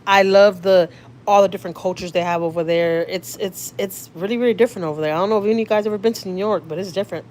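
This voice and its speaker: A woman's voice: medium pitch, steady tone, racing, darkish tone, a little hiss or hum. A woman from Houston, Texas with a Houston accent, chatting casually with viewers on a livestream from a car, reading comments and swearing freely. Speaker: vlogger, channel host. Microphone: phone.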